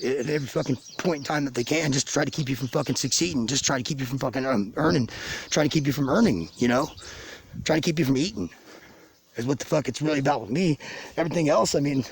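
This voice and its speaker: A man's voice: medium pitch, fast, husky. A man on a profane drunken rant, swearing constantly and rambling angrily to the camera of his own video channel. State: drinking, tipsy. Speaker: vlogger ranting to his channel. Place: outdoors in the country near a garage.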